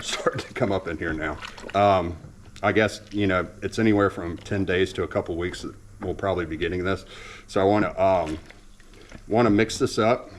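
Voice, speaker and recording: A man's voice: lowish voice, fairly bright tone, slight background noise. A man, chatting casually and rambling to the camera, with lots of ums and restarts. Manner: folksy, digressive, frequent ums and restarts. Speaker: home ethanol maker vlogger.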